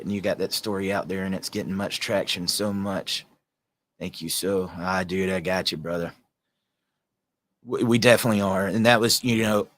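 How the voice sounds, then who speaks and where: A man with a Southern American accent hosts his podcast solo, speaking casually and earnestly and often repeating words. His voice is low, with a slightly bright edge.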